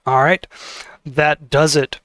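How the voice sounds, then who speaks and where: A man's voice: on the high side, flat delivery, slow pace, fairly bright tone. Hesitant man running a tabletop game. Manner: hesitant, with many fillers. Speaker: game master.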